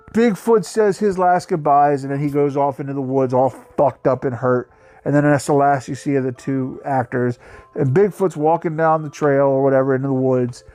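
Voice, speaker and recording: A man's voice: a little high, mellow. A man hosting his own channel, giving a casual, profane, mocking review of a bad movie. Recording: faint music behind the voice.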